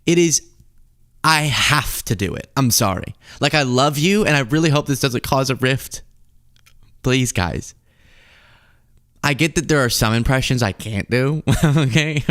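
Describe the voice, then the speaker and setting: A man from the American South hosting a casual political commentary show, animated and jokey as he reads chat comments. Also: dry recording, studio quality. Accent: General American, Southern accent mostly lost. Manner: animated, jokey, rapid shifts in pitch.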